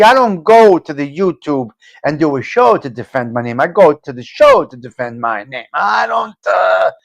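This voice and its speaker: A New man holds forth on his live-stream talk show in a blunt, salty monologue. He drifts between low, muttered asides and sudden loud bursts. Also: vocal fry. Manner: blunt, profane, ranting, swings from low muttering to loud outbursts. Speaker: livestream talk show host.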